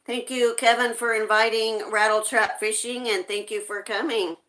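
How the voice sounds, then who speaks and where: An American woman hosts a livestream, chatting casually and slowly while reading viewer comments aloud, often laughing. Her voice is fairly high and bright, with a forceful tone and fairly even intonation.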